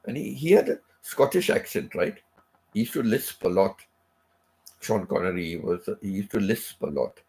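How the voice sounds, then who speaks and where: A middle-aged man hosts a live stream of casual chat, his lowish voice sing-song and darkish in tone at a moderate pace. He is unwell and recovering from sickness, so he rambles, repeats himself, and drifts into many asides.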